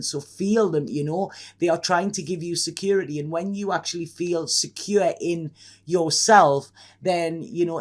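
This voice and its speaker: A man giving a casual tarot reading to camera, effusive and rambling, often restarting and laughing. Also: fairly high pitch. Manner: excitable. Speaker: tarot reader.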